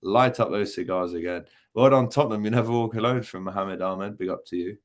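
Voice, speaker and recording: A young man hosting a casual football livestream reads chat comments aloud, joking, teasing and saying lots of ums. His voice is on the low side and he speaks fairly quickly.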